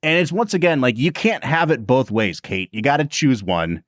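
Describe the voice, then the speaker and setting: Animated podcast co-host man. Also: medium pitch, moderate pace, dry recording, clean studio sound. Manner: animated, laughs often, puts on quoted voices. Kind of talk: casual film review chat.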